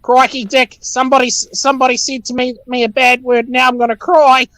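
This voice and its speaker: A man's voice: extremely high pitch, little pitch movement, a little fast, pushed and bright, dry recording, pitched above the performer's own voice. A man voicing a blustering, self-proclaimed tough Australian man who cries easily, in an exaggerated Australian accent, stammering and over the top. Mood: whiny bravado. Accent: exaggerated Australian put-on.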